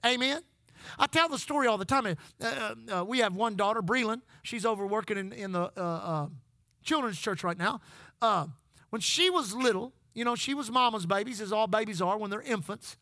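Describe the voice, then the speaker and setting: A man's voice: sits high, animated, moderate pace, bright, forceful tone, dry recording. A middle-aged man preaching a sermon, telling folksy stories and calling out to the congregation. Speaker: pastor.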